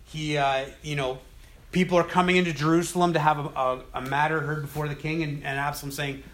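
A man leads a relaxed Bible study and retells the stories in his own words. His talk is conversational and lively, and his voice sits a little high for a man. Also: fast talker. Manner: conversational, animated storytelling. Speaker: Bible teacher. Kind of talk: casual Bible study teaching.

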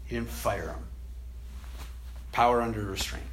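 A man in a casual faith discussion who tells scripture stories with energy. He acts out the quoted lines, often laughs, and drops to a soft, low voice on the gentle points. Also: unhurried, slight background noise.

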